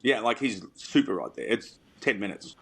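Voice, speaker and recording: A man's voice: on the low side, animated, moderate pace, creaky, a bit bright, slightly rough. A man co-hosting a podcast, telling stories in casual chat with emphatic energy. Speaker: podcast co-host, former tour caddie.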